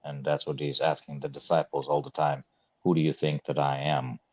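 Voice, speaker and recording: A man with an extremely deep voice, thinking aloud in a slow, halting way full of fillers. His audio is dull and lo-fi, with a dry, close sound and no room around it. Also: flat delivery, a little mellow, husky, no echo. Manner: thoughtful, halting, with many fillers. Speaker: discussion guest. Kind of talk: casual discussion.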